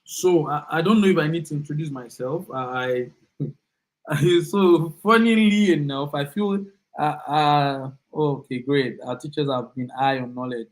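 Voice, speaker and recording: A young man with a Nigerian accent runs a live online class, upbeat and chatty. He keeps repeating his words as he greets students one by one. His voice sits a little higher than most men's. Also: unhurried, rough recording.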